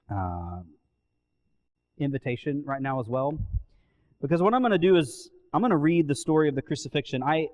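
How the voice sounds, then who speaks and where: Man, preacher, animated sermon, acted-out quotes, mid pitch, church reverb. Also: lo-fi sound. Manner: animated, acts out quotes with sudden loud bursts. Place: church sanctuary. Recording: long church hall reverb.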